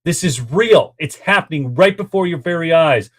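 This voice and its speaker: A man's voice: fairly high pitch, animated, moderate pace. A man hosting a political commentary show, talking straight to his viewers in a worked-up, exasperated way between clips. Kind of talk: ranting commentary over clips.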